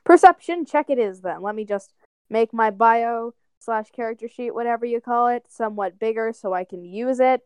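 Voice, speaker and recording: A woman with a fairly high, smooth voice plays in a tabletop game. She talks in a bubbly, chatty way. The sound is dry and close. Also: normal speed, a little mellow, no echo. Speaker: player. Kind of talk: casual tabletop play and in-character talk.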